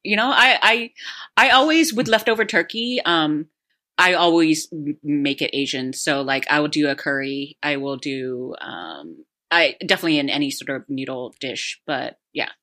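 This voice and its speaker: Chatty woman with a bright voice. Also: sits low, normal speed. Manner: rambling, animated, laughs often, many fillers. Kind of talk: casual chat, movie recommendation.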